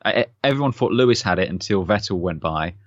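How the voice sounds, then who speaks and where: A man's voice: sits low, animated, quick pace, dry recording, dull audio. A man co-hosting a podcast, chatting casually and laughing often. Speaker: podcast co-host. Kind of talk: casual chat.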